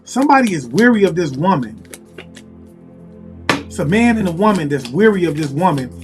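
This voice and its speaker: A man with a high-pitched voice gives a casual tarot reading, musing aloud and repeating himself as he calls on spirit. Soft music plays faintly behind him. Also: very animated, normal speed. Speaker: tarot reader.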